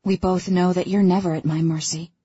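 A woman reading the lines of a cocky, arrogant young man in an audiobook, clipped and gruff. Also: fairly low pitch, little pitch movement, brisk, warm tone, muffled recording.

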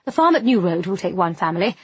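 A woman voicing a brisk, capable middle-aged committee organiser who speaks in an orderly way. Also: lowish voice, very animated, breathy edge, dry recording.

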